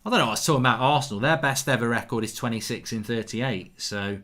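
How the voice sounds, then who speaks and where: A man's voice: mid-range voice, quick pace, sharp tone. A man hosting a live football watchalong, calling the action, cheering goals and reading viewer comments aloud in casual chat. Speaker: watchalong host.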